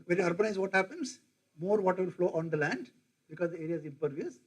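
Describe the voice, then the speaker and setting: A middle-aged man, a professor, lecturing in a halting way with many fillers and asides. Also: high voice, expressive, slightly rough, poor audio.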